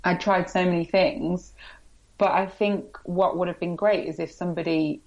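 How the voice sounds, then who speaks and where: A woman's voice: on the low side, steady tone, normal speed, a little mellow, lo-fi sound. A woman with an English accent, a blogger guest speaking candidly and with self-deprecating humour in a casual interview.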